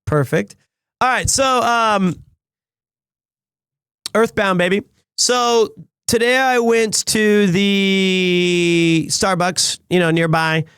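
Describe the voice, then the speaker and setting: A man's voice: high voice, fairly even intonation, slow, pauses often, fairly bright tone, smooth, no room sound, studio quality. A man telling a rambling story in a casual live-stream chat. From United States. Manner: rambling storyteller with frequent restarts.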